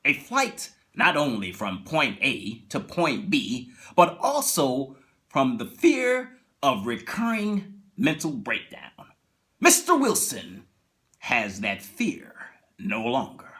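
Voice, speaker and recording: A man doing an impression of a solemn male TV anthology narrator, speaking slowly and dramatically. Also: medium pitch, sing-song, pushed and bright, pitched below the performer's own voice, full character voice. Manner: slow, measured, dramatic delivery.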